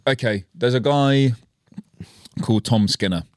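A man's voice: medium pitch, unhurried, no echo, clean studio sound. A young British man co-hosting a podcast, ranting casually with lots of swearing and restarts. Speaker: podcast co-host. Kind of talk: casual chat.

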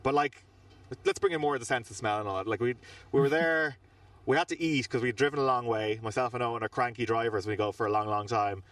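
A man's voice: mid-range voice, fast, dry recording, distant mic. Irish man, field reporter, rambling anecdotes, dry sound, mic set back from him. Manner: animated, rambling anecdotes with fillers. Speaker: reporter and podcast co-host. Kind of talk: casual on-location storytelling. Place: outdoors in front of a large government building.

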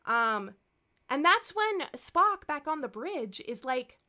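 A woman's voice: high-pitched, slow pace. A woman co-hosting a podcast in casual chat, recapping an episode and swearing freely. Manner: animated, swears freely, acts out characters' lines. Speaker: podcast co-host.

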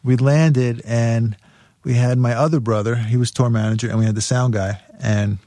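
A man's voice: mid-range voice, moderate pace, no echo. A man telling wild tour stories in a casual interview, swearing often and laughing through his stories. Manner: profane, laughing, animated storyteller. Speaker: guest musician.

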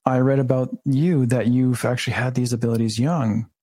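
A man's voice: mid-range voice, level tone, normal speed, mellow, dry recording, clean studio sound. A man hosting a podcast interview, affirming his guest and asking open questions. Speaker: podcast host.

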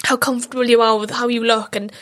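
A woman's voice: on the high side, little pitch movement, fast talker, fairly bright tone. A young woman with a British accent, a podcast co-host speaking in a heartfelt, rambling way. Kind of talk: emotional podcast conversation.

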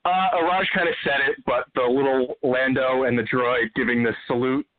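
A man's voice: medium pitch, steady tone. Joking male caller on a tinny phone line. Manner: joking, chatty, halting restarts. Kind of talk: casual call-in chat.

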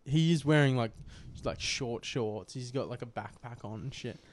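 Young Australian bloke, podcast co-host, foul-mouthed storyteller, mid-pitched. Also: male voice, normal speed. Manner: crude, swearing, rambling anecdote. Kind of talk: casual storytelling chat.

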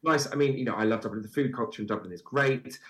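A man chatting as a podcast guest, telling stories in a lively, chatty way with frequent fillers. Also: medium pitch, quick pace. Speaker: guest, food festival presenter. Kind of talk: casual interview chat.

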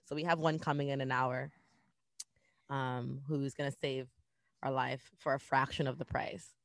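A woman's voice: extremely low pitch, level tone, moderate pace, creaky, dry recording. Woman in her thirties, podcast co-host, dramatic storyteller, dry close sound. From Canada. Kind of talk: casual chat.

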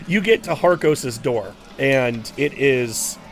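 A man's voice: medium pitch, animated, soft background music. A man narrating a tabletop game as game master, with many fillers and restarts. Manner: halting, frequent fillers and laughs.

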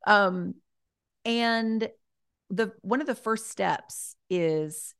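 A woman's voice: medium pitch, very slow, smooth, dry recording, studio quality. A woman talking as a podcast guest, chatty and encouraging, with lots of "like" and "you know" as she corrects herself mid-sentence. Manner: gentle and encouraging. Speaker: podcast guest giving life advice. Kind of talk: casual podcast conversation.

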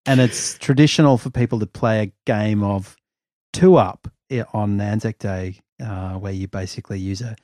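A man's voice: lowish voice, steady tone, normal speed, a little mellow, dry recording. A man co-hosting a casual podcast chat, easygoing with a dry sense of humor. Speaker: podcast co-host.

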